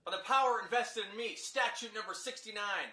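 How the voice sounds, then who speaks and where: A man's voice: high-pitched, brisk, sharp tone, voice pushed up. A man voicing a pompous cartoonish male police officer who proclaims mock-official decrees. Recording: roomy echo, distant from mic.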